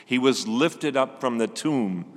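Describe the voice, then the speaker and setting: An older man delivering a gentle, reflective Sunday sermon as a preacher. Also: medium pitch, animated, unhurried, in a large hall.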